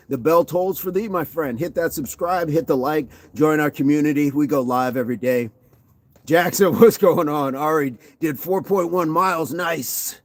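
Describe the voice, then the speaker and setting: Brief: playful male livestream host, voice slightly on the high side, jokes with and greets viewers by name. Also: a bit bright. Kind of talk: casual livestream chat reading comments.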